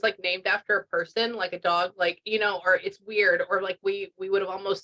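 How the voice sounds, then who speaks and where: A woman's voice: mid-range voice, a bit bright. A woman doing a casual reading session as a pet medium, chatty and rambling, full of restarts and fillers.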